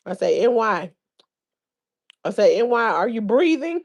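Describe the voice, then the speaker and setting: A woman hosts a relaxed live chat, greeting viewers and reading their comments aloud. She speaks slowly in a somewhat high voice and breaks into laughter often. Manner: chatty, laughs often, drawn-out delivery. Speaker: livestream host.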